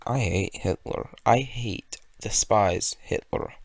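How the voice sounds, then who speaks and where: A man's voice: lowish voice, takes it slowly, vocal fry, no echo. A young man from California giving a sarcastic, rambling commentary rant. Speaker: video commentator. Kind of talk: ranting commentary.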